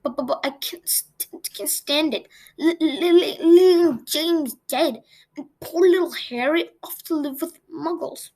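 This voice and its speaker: A woman reading aloud as a huge, gentle giant man who stammers through sobs. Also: sits high, a little slow, creaky, full character voice. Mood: sobbing. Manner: stammering, sobbing.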